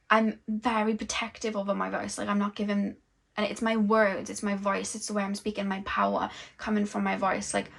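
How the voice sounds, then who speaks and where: A young woman giving a tarot reading, musing slowly and dreamily as she channels messages. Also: medium pitch, creaky, fairly bright tone. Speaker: tarot reader.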